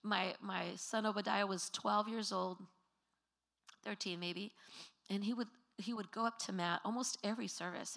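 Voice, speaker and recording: A woman's voice: medium pitch, steady tone, moderate pace, creaky, fairly bright tone. A middle-aged woman, a former pastor, telling stories at a memorial in a church and acting out the voices of the people in them. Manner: storytelling, acts out children's voices. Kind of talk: memorial tribute.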